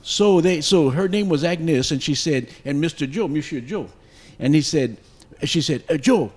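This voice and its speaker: Older storyteller, hesitant and quiet, slightly raised pitch. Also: male voice, husky. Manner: soft-spoken, halting, searching for words. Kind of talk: folk storytelling, mixing French and English.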